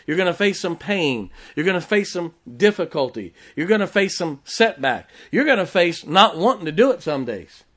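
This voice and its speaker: A man's voice: high voice, sing-song, moderate pace, few pauses, fairly bright tone. A man preaching a sermon as pastor, emphatic, with rhetorical questions, joking asides and check-ins with the congregation.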